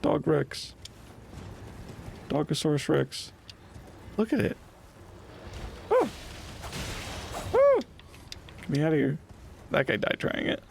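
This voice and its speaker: A man's voice: a little high, wildly swooping pitch, takes it slowly, vocal fry, long pauses, darkish tone, slight background noise. A man streaming a game live, chatting casually and playfully while he plays, often laughing and teasing what happens on screen. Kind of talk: casual live gameplay commentary.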